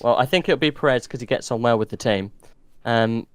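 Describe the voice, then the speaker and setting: Male co-host, mid-pitched, dry recording, bantering casual delivery. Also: smooth, no echo. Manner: joking, quick asides. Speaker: podcast co-host. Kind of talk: casual sports chat.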